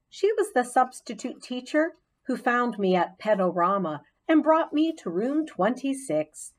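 A woman narrating a children's storybook in the voice of a chatty hamster classroom pet, with expressive storytelling. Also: fairly high pitch. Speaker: audiobook narrator.

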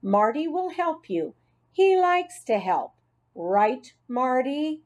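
A woman's voice: sits high, very animated, slow pace, lo-fi sound, voice pushed up, exaggerated voice. Woman doing a kindly, firm grown man. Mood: cheerful. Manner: coaxing, gently firm.

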